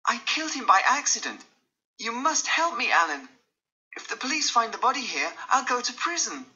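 A man reading an audiobook, voicing a secretive young gentleman who pleads and manipulates. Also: big pitch swings, moderate pace, dull audio. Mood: desperate. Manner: pleading, pitched up high when desperate.

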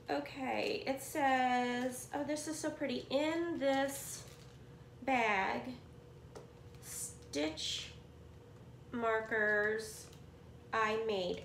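A woman's voice: on the high side, drawn-out words, creaky, pauses often, reverberant, a little hiss or hum. A middle-aged woman, gushing as she unboxes yarn from a swap and chats to her viewers in a cluttered room at home. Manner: gushing, excitable, talks to viewers as friends. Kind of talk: casual unboxing chat.

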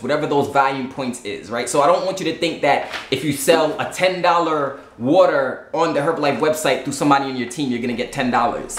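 A man's voice: fairly high pitch, roomy sound, a little hiss or hum. A man with a Southern US accent giving a casual explainer monologue, blunt and salesy, checking in often with "right?". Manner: repeats "right?" and "you get what I'm saying", blunt and salesy. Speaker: YouTube host explaining a sales plan.

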